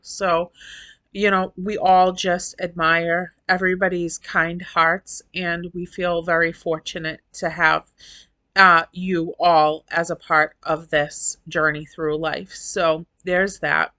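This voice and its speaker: Brief: middle-aged woman vlogger, low-ish voice with a bright, forceful edge, gushing and rambling, dry close sound. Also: fairly even intonation, unhurried, dry recording. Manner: effusive and emotional, rambling. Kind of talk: casual chat to viewers.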